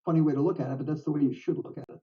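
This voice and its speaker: An older man giving live game commentary in a chatty, jokey way, quick to laugh. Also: fairly high pitch, steady tone. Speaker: backgammon commentator. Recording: dull, distant sound.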